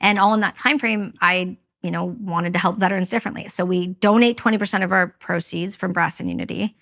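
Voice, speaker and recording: Gravelly-voiced Canadian woman telling her story. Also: on the low side, fairly even intonation, brisk, a bit bright. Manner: candid, emotional, blunt storytelling. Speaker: guest, veteran. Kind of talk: personal storytelling in an interview.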